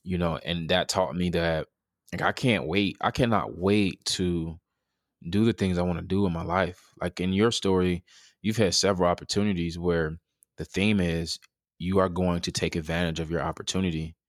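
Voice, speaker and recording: In an interview, a man in his thirties tells a personal story in a reflective, earnest way, with fillers and restarts in his candid talk. His deep voice keeps a fairly even intonation at a moderate pace. The studio recording is clean, with no echo.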